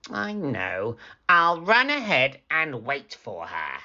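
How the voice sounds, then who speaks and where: A man voicing a cheerful, chatty little girl in a storybook read-aloud, bright and eager. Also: mid-range voice, huge pitch swings, takes it slowly, gravelly, dull audio, voice pushed up, heavily acted.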